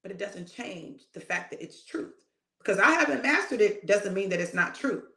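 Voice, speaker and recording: A woman's voice: medium pitch, animated, moderate pace, sharp tone, echoey room. A woman minister delivering a casual, emphatic spoken sermon, talking straight to her listeners. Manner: emphatic and conversational, addressing listeners directly. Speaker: prophetic minister.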